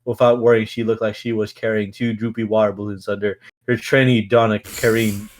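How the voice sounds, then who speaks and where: A man's voice: on the low side, level tone, brisk, slight background noise. A man reading a novel aloud on a stream in a casual way, with stumbles, restarts and stifled laughs.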